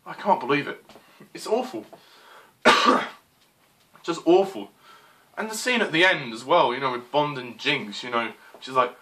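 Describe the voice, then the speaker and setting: A man's voice: mid-range voice, animated, unhurried, pauses often, sharp tone. A man giving an exasperated, swearing rant as a film reviewer, full of fillers like "you know" and "I mean.".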